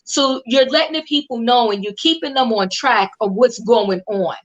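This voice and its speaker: A woman on a talk show lays out her point at length in an animated way. Her voice is fairly high, and the sound is slightly muffled. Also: normal speed. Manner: explanatory, animated.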